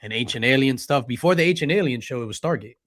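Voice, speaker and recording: A man's voice: medium pitch, lively intonation, fast, a bit bright, no room sound. A man hosting a casual pop culture chat, telling profane anecdotes and laughing often. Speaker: podcast host.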